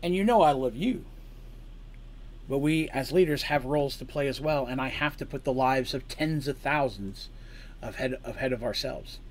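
A man's voice: medium pitch, a little hiss or hum, close to an everyday voice. A man voicing a grave king who speaks as a loving father and ruler. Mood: solemn. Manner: solemn, measured.

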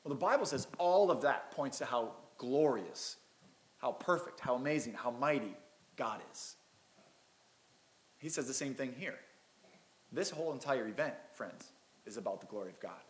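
A man's voice: mid-range voice, animated, normal speed, pauses often, echoey room. A man preaching a Christmas sermon as pastor, reading scripture and breaking in with casual, self-deprecating asides.

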